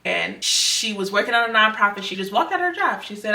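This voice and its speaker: A woman's voice: mid-range voice, very animated, a little fast, pushed and bright. A young woman earnestly sharing a personal faith testimony in a conversational, repetitive way. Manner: earnest, conversational, repeats herself. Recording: roomy sound, mic at a distance.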